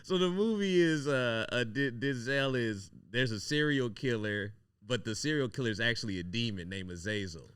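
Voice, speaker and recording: A man's voice: medium pitch, animated, normal speed, few pauses, a bit bright, clean tone, no room sound, studio quality. A man hosting a casual podcast chat, a rambling, profane storyteller who often restarts his sentences. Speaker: podcast host.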